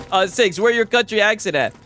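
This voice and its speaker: A man's voice: mid-range voice, very animated, normal speed. A young man with a Southern US accent from Atlanta, rambling and swearing casually while commentating a video game he is playing. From Atlanta, USA. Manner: laid-back, rambling, swearing, laughing chatter. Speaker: gaming streamer. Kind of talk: casual let's-play commentary. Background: game music.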